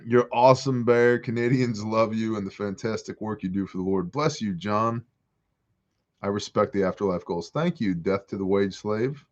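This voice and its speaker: A man's voice: fairly low pitch, moderate pace, dull audio. Joking man hosting a porch livestream. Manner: joking, animated, reads chat aloud. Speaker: livestream host answering viewer questions. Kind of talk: casual livestream chat reading comments. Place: outdoors on a porch.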